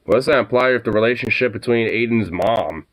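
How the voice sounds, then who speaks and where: A man's voice: medium pitch, fairly quick, a bit bright. A man chatting casually on his vlog in a laid-back way, swearing freely and cooing at his pets. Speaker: vlogger. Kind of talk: casual chat.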